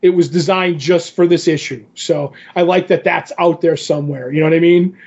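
A man's voice: a little high, steady tone, normal speed, darkish tone. A man co-hosting a podcast, casually retelling a comic's story in a rambling way full of fillers and quoted dialogue. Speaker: podcast co-host. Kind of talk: casual comic book recap chat. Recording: dull lo-fi podcast audio.

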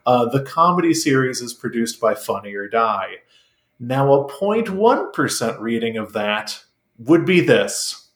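A man's voice: medium pitch, very animated, a little slow, fairly bright tone. A man co-hosting a comedy podcast, riffing playfully on absurd ideas. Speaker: podcast co-host. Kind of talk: casual comedic banter. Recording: echoey room.

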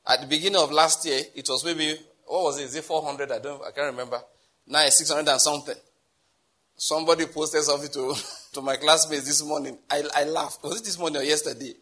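A man's voice: on the high side, steady tone, a little fast, bright, forceful tone. A Nigerian man preaching a sermon as pastor, in a conversational way with repeated words and chuckles.

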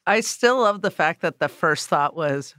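A man's voice: a little high, animated, unhurried, sharp tone, dry recording, studio quality. A man hosting a podcast who asks questions and teases his guest with short quips. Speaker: podcast host. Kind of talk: casual interview chat.

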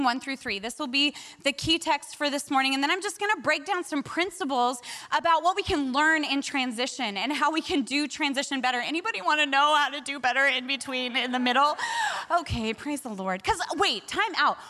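Bright, high-voiced woman preaching. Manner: animated storytelling, laughs often. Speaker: pastor. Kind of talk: sermon.

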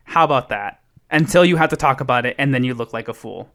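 Smooth-voiced man rambling casually. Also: mid-range voice, fast talker, fairly bright tone. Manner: rambling, self-interrupting storytelling. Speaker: podcast co-host. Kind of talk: casual chat.

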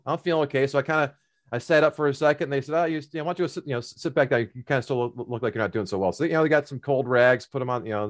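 A middle-aged man casually telling a long personal story, rambling with many fillers and restarts. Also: mid-range voice.

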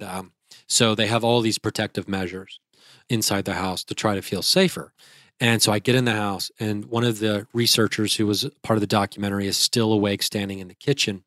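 A man's voice: fairly low pitch, bright, forceful tone, no echo, clean studio sound. A young man, a guest, retelling a frightening experience in a vivid, casual way with restarts. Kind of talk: casual storytelling.

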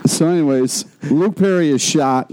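Mellow-toned man, swearing recapper. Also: on the high side, moderate pace, rough recording. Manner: profane, emphatic recapping. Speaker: podcast co-host. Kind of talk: casual comedic TV recap chat.

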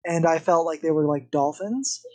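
Animated young man telling a story. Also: fairly high pitch, normal speed. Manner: animated, vivid retelling with acted-out quotes. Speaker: podcast guest. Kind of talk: casual storytelling.

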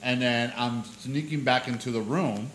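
A man co-hosting a casual podcast chat, telling stories with lively acted-out quotes. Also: mid-range voice, moderate pace, slight background noise. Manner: animated storyteller who acts out quoted voices. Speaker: podcast co-host. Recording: echoey room.

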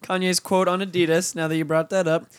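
A man's voice: high-pitched, level tone, a little fast, smooth, no room sound. A man co-hosting a podcast in casual banter, joking and swearing, often laughing. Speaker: podcast co-host.

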